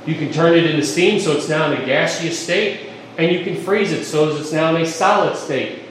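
High-voiced preacher in an echoey church. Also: male voice, normal speed, slight background noise. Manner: folksy, joking, emphatic preaching. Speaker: pastor. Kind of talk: sermon. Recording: echoey room, mic at a distance.

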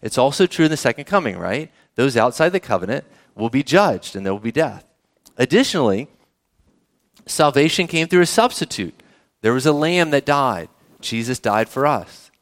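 A man's voice: mid-range voice, sing-song, normal speed. A man preaching a sermon in a conversational way, often asking the congregation questions. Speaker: pastor.

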